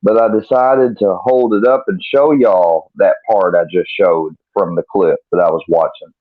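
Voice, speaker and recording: A man's voice: sits low, fairly even intonation, unhurried, no room sound. A man hosting a live stream, chatting casually and bluntly to his viewers with plenty of swearing. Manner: laid-back and profane, talking straight to viewers. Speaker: livestream host. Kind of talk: casual livestream chat. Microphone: laptop mic. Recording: dry, tinny phone-like sound.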